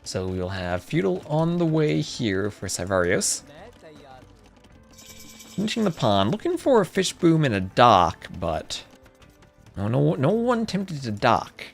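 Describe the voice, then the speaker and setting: A man commentating a live strategy game tournament, chatty and excitable, chatting with viewers between plays, with faint music behind. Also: fairly high pitch, measured pace, vocal fry. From New Jersey. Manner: chatty, reads chat aloud, excitable outbursts. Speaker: esports caster.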